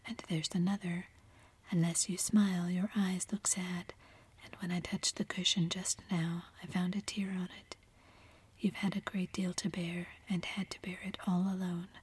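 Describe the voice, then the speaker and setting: An earnest young man pours out his feelings in a whispered role-play, as a woman reads him. The voice is a low, airy whisper held on a flat, even line, soft and pleading. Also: husky.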